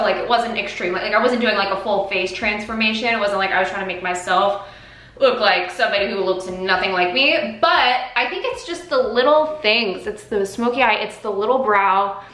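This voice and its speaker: A woman's voice: medium pitch, pushed and bright. A woman beauty vlogger talking through a makeup tutorial in a chatty, exclamatory way. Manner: chatty and exclamatory, many fillers. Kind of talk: casual makeup tutorial chat. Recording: roomy echo.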